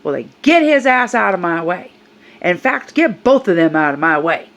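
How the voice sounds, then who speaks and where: A woman voicing a loud, belligerent older woman who shouts and mocks in a store. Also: sing-song, unhurried, creaky, highs cut off, exaggerated voice. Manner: shrill, yelling, mocking.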